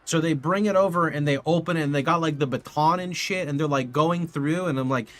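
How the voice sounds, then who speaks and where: A young man streaming from his home setup, telling a rambling, animated story to his live chat and swearing casually into a studio mic. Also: on the high side, fairly quick. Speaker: video game streamer. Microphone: condenser studio mic.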